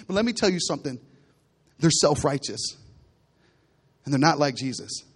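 A man preaching a sermon, retelling a parable with animated storytelling and bursts of loudness. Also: a little high, moderate pace, breathy edge. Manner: animated storytelling preacher, acting out characters with big swings in loudness. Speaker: pastor.

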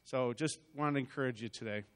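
A man's voice: mid-range voice, a little fast, noisy background. A middle-aged man telling his personal testimony to a church, chatty and rambling, with frequent restarts and asides. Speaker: church member giving a testimony. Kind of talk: personal testimony told as a story.

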